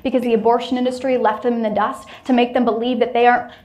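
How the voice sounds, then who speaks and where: A woman's voice: a little high, flat delivery, fast, darkish tone, echoey room. A woman arguing as an activist in a heated debate, insistent and rhetorical, building points like a speech. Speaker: anti-abortion activist in a debate.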